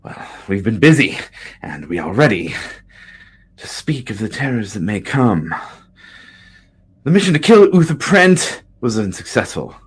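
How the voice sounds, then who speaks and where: A man's voice: fairly low pitch, big pitch swings, unhurried, pauses often, breathy edge, pitched above the performer's own voice, full character voice. A man voicing a small, proud, bombastic male commodore in a tabletop game. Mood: brisk. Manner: loud, grand introductions.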